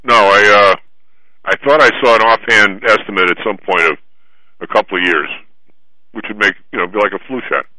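A man hosts a radio talk show, talking casually and circling back on himself. His voice is low-pitched but very bright and cutting. The studio sound is dry and close. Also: a little fast, dry recording, rough recording. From Chicago. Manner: rambling, self-interrupting.

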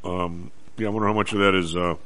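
Fast-talking male radio host. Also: deep voice, steady tone, fairly bright tone. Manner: rambling, restarts often. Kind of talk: casual sports and market chat.

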